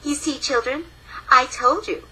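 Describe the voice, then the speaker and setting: A woman's voice: sits high, fairly even intonation, unhurried, pushed and bright, voice pushed up, low-quality recording. Mommy Mouse, as a woman puts her on. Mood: firm. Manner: lecturing, firm. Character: stern mother mouse scolding her children.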